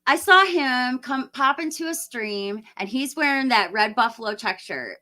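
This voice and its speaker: A woman in her late forties speaks with a high, bright, forceful voice at a moderate pace, very animated. She hosts a casual livestream, rambling and laughing as she replies to what viewers write.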